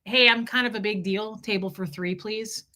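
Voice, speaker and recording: A woman's voice: medium pitch, steady tone, normal speed, pushed and bright, close to an everyday voice. A woman mimicking a pompous, self-important man who boasts about himself. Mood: boastful.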